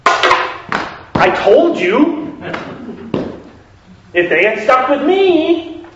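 A man's voice: very animated, extremely slow, background noise, heavily acted. A man voicing an exasperated male prophet who scolds and complains. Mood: indignant. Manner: raised, complaining pitch. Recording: echoey room, distant dull mic.

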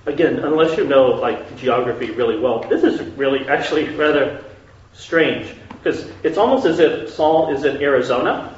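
The recording comes from a distant, dull mic in an echoey space with slight background noise. A man with a mid-range voice and moderate pace teaches a conversational Bible lesson, asking questions and regularly confirming his listeners are with him.

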